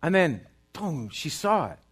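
A preacher with a high voice delivers a sermon. He moves from loud, driving bursts to quiet, hushed lines, keeping the congregation with him. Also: big pitch swings, a little slow, slightly rough. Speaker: pastor.

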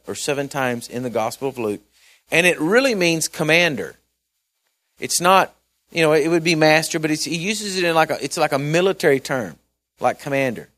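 Guy preaching a sermon, a bit high pitched, chatty and folksy, gets loud then drops real quiet. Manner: conversational, folksy preaching with asides and repeated words; swings between loud emphasis and quiet mumbling. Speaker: pastor.

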